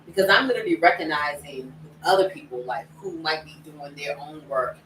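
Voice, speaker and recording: A woman's voice: sits low, normal speed, fairly bright tone. Woman musing in a group chat, roomy sound, faint background hiss. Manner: thoughtful, acts out inner dialogue. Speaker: panel guest. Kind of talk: casual group discussion. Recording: roomy, distant mic with faint noise.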